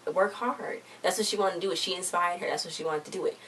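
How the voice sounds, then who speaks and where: A woman's voice: fairly low pitch, steady tone, racing, fairly bright tone. A woman casually recapping a TV episode, chatty and informal, retelling scenes with lots of "she was like.". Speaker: TV episode reviewer. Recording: distant mic with faint background noise.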